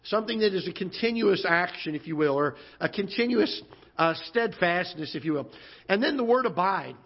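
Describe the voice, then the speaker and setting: A man preaching a sermon as pastor, unhurried and folksy with many fillers, slowing down to read scripture. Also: high-pitched, animated, creaky. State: occasional cough. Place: church auditorium. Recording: dull lo-fi church broadcast audio.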